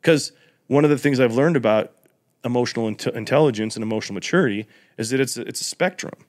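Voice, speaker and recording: A man hosting a podcast, talking reflectively and casually, with slang, lively when joking. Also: mid-range voice, fast. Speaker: podcast host. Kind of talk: casual conversation.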